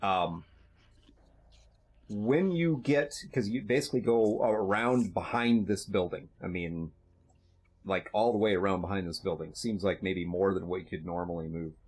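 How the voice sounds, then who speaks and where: A man narrating as game master of a tabletop role-playing game, describing scenes in a halting, conversational way with frequent restarts. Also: deep voice, darkish tone, husky.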